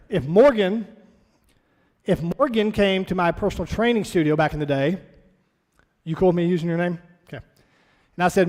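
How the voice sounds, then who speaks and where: A high-voiced male fitness trainer leads an orientation for a class in his studio, speaking straight to the group in a blunt, motivational manner. He is brisk but takes long pauses, and a long echo makes it sound like a large hall.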